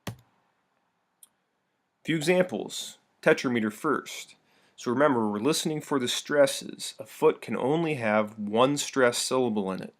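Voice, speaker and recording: A man's voice: medium pitch, measured pace. A young man teaching a recorded lesson, playful and full of joking asides.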